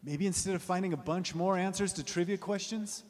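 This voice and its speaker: A man preaching a sermon as pastor, rising loud and high for emphasis, then dropping low and quiet. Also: fairly quick, long reverb tail.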